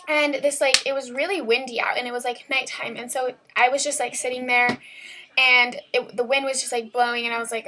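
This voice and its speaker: A woman's voice: on the high side, flat delivery, a little fast, sharp tone. A teenage girl vlogging, telling a story in a rambling, chatty way full of "like" and "um", recorded at home on a camera mic. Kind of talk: casual storytelling vlog.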